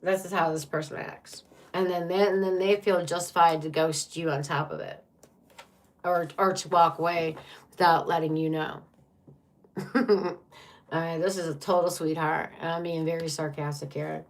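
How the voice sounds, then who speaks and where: Blunt woman tarot reader, low voice. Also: flat delivery, moderate pace. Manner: blunt, profane, dramatic reactions. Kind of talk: tarot reading for viewers.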